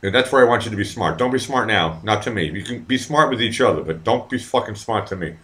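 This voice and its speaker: A man's voice: on the low side, lively intonation, quick pace, bright, forceful tone. A man hosting his own live online show, chatting casually to his viewers, rambling and swearing a lot while drinking. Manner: rambling, profane, talks to the chat. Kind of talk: casual live-stream chat.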